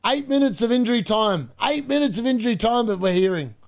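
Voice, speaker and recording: Very high-voiced and fast, a young man gets excited commentating a live football match for his fantasy football stream. He laughs frequently and chats with his viewers.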